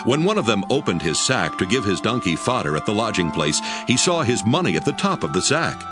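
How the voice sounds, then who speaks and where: A man with a low voice narrates scripture, his delivery rising and falling expressively. Music plays clearly behind him throughout. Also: brisk. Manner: steady storytelling. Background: backing music.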